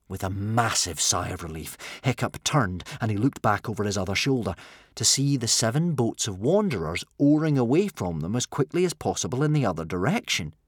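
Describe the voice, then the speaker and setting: A man narrating an adventure storybook with animated, dramatic delivery. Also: lowish voice, no echo, studio quality. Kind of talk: audiobook narration.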